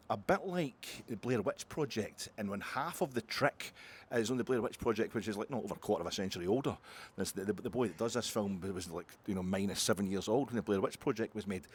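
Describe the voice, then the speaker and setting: A man's voice: fairly low pitch, slight background noise. A Scottish man talking casually in a long rambling monologue, full of asides, restarts and swearing. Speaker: podcast host.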